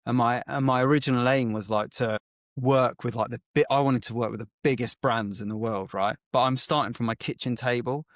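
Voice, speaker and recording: A man tells his story as a podcast guest, lively and chatty, acting out each exchange with plenty of "like" along the way. His voice sits at a mid pitch and sounds close and dry, with no room echo at all. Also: brisk. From England. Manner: animated storyteller who acts out quoted exchanges, frequent "like" fillers. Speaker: guest, agency founder. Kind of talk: casual storytelling interview.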